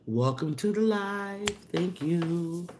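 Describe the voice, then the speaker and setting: Against a noisy background, a woman hosts a casual livestream, speaking slowly and chatting loosely in slangy terms. She reads viewer comments aloud and answers them, sounding animated, with her pitch jumping up when she greets people.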